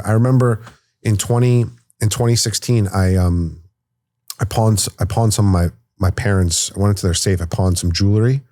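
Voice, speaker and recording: A man's voice: low-pitched, dark tone, dry recording, clean studio sound. A man hosting a podcast, telling stories bluntly and swearing freely in casual chat. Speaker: podcast host.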